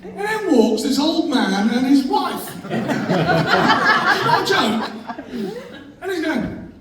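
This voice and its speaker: A man's voice: extremely high pitch, very animated, drawn-out words. A man giving a humorous speech to a live audience, telling jokey anecdotes about his wife and laughing along as he goes. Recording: echoey room from far off, faint noise.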